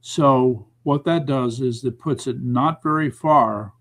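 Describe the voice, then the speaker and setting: A man's voice: mid-range voice, slow pace, a bit bright. Man co-host with dry, wry asides. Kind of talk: casual political talk stream.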